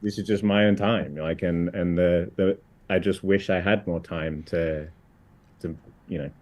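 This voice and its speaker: A man, a guest on a casual live-stream chat about photography. He speaks haltingly, with many restarts. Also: low-pitched, steady tone, darkish tone. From United Kingdom.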